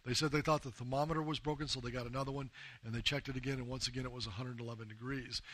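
A man's voice: medium pitch, steady tone, racing, fairly bright tone. A man from the United States giving an earnest personal testimony as a missionary to a group of men, often calling them "guys". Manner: earnest storytelling, often addressing the listeners as "guys". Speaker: missionary speaking to a men's group.

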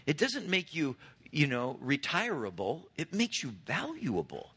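A man's voice: a little high, huge pitch swings, measured pace, pushed and bright, husky. A man in his fifties preaching a sermon, retelling scripture in an earnest, conversational way. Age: 50s. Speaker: pastor.

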